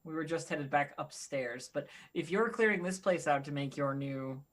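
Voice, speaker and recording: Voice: medium pitch, normal speed, fairly bright tone. A player in a tabletop game, bantering wryly and speaking in character. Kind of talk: tabletop game role-play.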